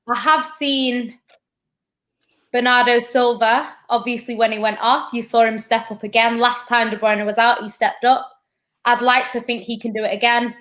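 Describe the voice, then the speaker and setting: Woman, fairly high pitch, thoughtful and hesitant. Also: a bit bright. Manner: measured, thoughtful, with frequent hesitations. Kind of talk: casual chat.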